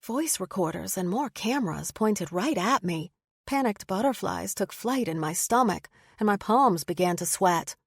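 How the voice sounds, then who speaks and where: Expressive woman narrating an audiobook. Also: medium pitch, normal speed, breathy edge, no room sound, studio quality. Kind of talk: first-person scripted narration.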